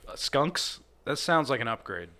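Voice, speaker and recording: A man's voice: medium pitch, big pitch swings, moderate pace, pushed and bright, no room sound. A man in his thirties co-hosting a casual podcast while drinking, boisterous and profane, jumping between topics. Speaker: podcast co-host.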